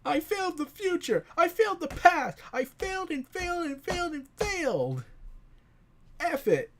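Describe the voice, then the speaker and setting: A comic reviewer acting out a despairing washed-up male superhero who begs to be killed, in a high, tearful scream. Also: sing-song, normal speed, a bit bright, a little hiss or hum, heavily acted.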